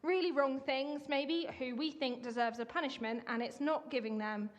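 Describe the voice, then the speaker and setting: A woman's voice: high-pitched, normal speed. A woman giving a chatty, upbeat sermon in a church, directing volunteers at the front. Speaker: church speaker. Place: church hall.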